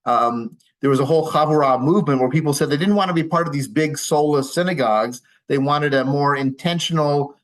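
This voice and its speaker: In a low-quality recording, a male rabbi with a medium-pitched voice leads an informal class with audience questions. He's patient in explaining, dryly humorous, and uses many small fillers.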